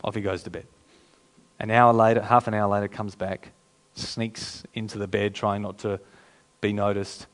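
A pastor preaching a sermon in a conversational, emphatic way, repeating phrases for effect. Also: male voice, lowish voice, flat delivery, normal speed.

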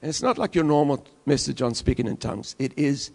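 A male pastor preaching a sermon to his church, swinging between loud declarations and hushed, intense stretches. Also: mid-range voice, sing-song, fast talker, creaky.

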